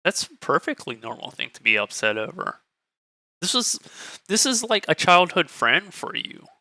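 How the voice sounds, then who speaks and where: A man's voice: sits high, sing-song, normal speed, gravelly, bright, forceful tone, dry recording. A male streamer reading a dating game aloud in a candid, joking way.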